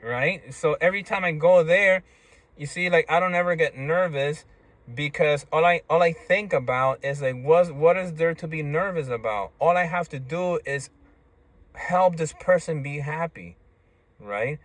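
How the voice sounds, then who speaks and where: A man's voice: a little high, unhurried, no room sound. A man talking in a casual, rambling monologue, stammering through restarts and tagging lines with "right?" and "you see?".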